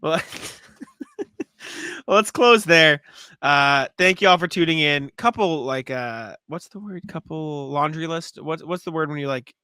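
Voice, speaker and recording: A man's voice: fairly high pitch, a little slow, clear, resonant tone, no echo, clean studio sound. A man co-hosting a podcast in casual chat, telling stories with plenty of swearing. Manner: profane, animated storytelling. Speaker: podcast co-host.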